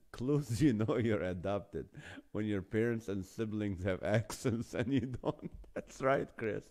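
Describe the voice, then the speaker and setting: A man from the Holy Land with a Middle Eastern accent hosts a live online show in casual live-stream chat. His lowish voice is expressive and a little mellow at a measured pace, and he jokes, reads viewer comments aloud, and laughs often.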